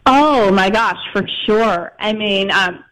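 Man, guest author, from Chicago, bright forceful voice, chatty storyteller. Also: high-pitched, slow pace, poor audio. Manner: lively anecdote-telling with fillers. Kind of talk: storytelling interview.

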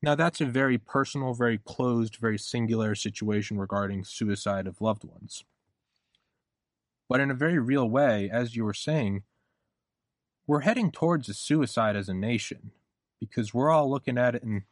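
A man's voice: mid-range voice, normal speed, dry recording, clean studio sound. A man hosting a podcast in casual conversation, rambling and acting out quoted voices as he talks. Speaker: podcast host.

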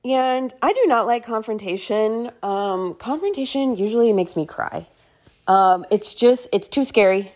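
A woman's voice: fairly high pitch, measured pace, a little mellow. A woman in her thirties hosting a podcast, telling a personal story in a casual, rambling way full of filler words. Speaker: podcast host.

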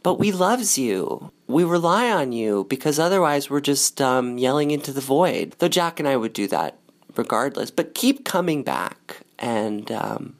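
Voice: mid-range voice, big pitch swings, unhurried, gravelly. A speaker with a voice in the middle range leaves a casual farewell message. The talk rambles and stays jokey.

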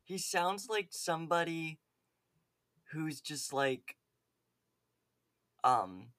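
A man's voice: a little high, expressive, extremely slow, a bit bright, no echo. A man co-hosting a podcast in casual chat, rambling with lots of "like" and "um". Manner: rambling, filler-heavy with many "like"s. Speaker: podcast co-host.

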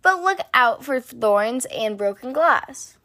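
A woman voicing a calm father bear who gives steady, practical instructions, in a storybook reading. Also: high-pitched, slow pace, exaggerated voice.

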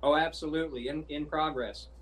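A courteous adventurer with flowery, formal speech, voiced by a man in a tabletop game. The voice sits a little high, and it sounds distant from the mic. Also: fairly even intonation, a little fast, fairly bright tone, lightly acted. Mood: smooth. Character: courteous, wordy male adventurer negotiator.

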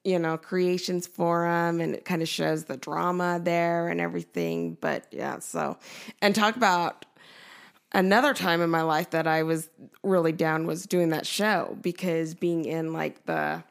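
Gravelly-voiced woman podcast guest. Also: fairly low pitch, measured pace. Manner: earnest, candid, reflective. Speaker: podcast guest, gingerbread baker. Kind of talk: casual podcast conversation.

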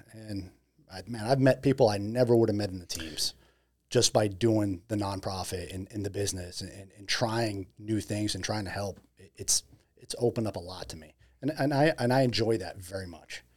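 A man's voice: fairly low pitch, normal speed, darkish tone, slightly rough. A middle-aged man as an interview guest in casual chat, reflective and earnest, often restarting his sentences.

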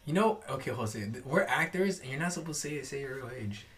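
A man's voice: mid-range voice, animated, brisk, fairly bright tone. A man in his thirties hosting a comedy podcast, talking in loose, laughing banter and stumbling over his words. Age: 30s.

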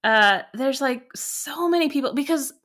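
Bright-voiced woman podcast co-host. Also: high voice, lively intonation, normal speed. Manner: chatty, reads blurbs aloud with many fillers. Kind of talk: casual chat.

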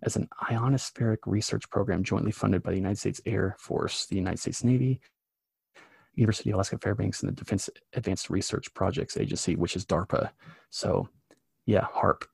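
A man co-hosting a podcast, telling stories in a loose, profane, animated way. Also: fairly low pitch, a little fast, creaky, slightly rough, no room sound. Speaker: podcast co-host. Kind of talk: casual podcast chat.

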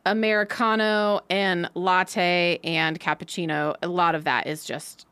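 A woman's voice: on the low side, fairly even intonation, a little slow, fairly bright tone, clear, resonant tone, dry recording. Chatty woman podcast host, dry sound. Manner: chatty, rambling storyteller with many fillers. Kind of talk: casual chat.

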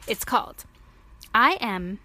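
A woman reading a picture book aloud to children in an animated, gently playful way. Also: a little high, slow. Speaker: storybook reader for children.

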